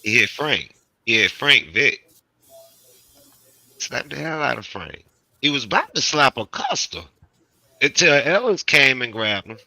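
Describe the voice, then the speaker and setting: A man's voice: mid-range voice, big pitch swings, unhurried, pauses often, pushed and bright, no echo, rough recording. A man co-hosting a casual livestream, animatedly recapping scenes from a show. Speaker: co-host.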